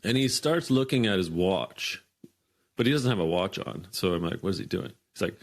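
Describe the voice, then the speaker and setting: A man in his fifties, a podcast guest, telling a workplace story in a lively way and acting out the dialogue. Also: low voice, measured pace. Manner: animated storyteller, acts out quoted dialogue. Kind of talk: storytelling in an interview.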